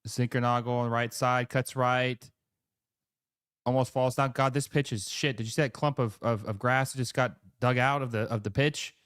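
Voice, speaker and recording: A man hosts a live football watch-along, calling each pass in quick excited bursts before slipping into easy chat with his viewers. His voice is smooth and clear, sitting close and dry on the mic with no room sound around it. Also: medium pitch, no echo. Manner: excitable play-by-play, chatty asides to viewers. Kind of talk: live match commentary and chat reading.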